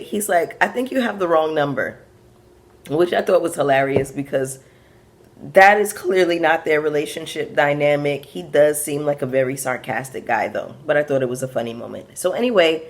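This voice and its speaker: A woman's voice: low-pitched, normal speed, slight background noise. A young woman from Brooklyn with a Caribbean-tinged Brooklyn accent, recapping reality TV in sassy, frank asides to her viewers. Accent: Brooklyn with a Bajan and Caribbean patois touch. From Brooklyn, USA. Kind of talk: casual recap commentary.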